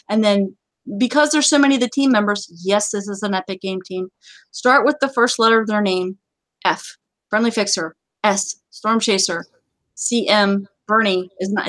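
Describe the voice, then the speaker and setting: A woman hosting a live gaming community chat, giving brisk, emphatic instructions. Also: fairly high pitch, a bit bright, no echo, low-quality recording. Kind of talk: live stream casual chat.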